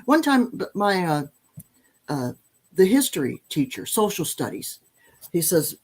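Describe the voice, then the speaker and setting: A woman in her sixties, a podcast guest who tells lively, self-deprecating stories and often restarts her sentences. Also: medium pitch, moderate pace. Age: 60s. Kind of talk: storytelling in conversation.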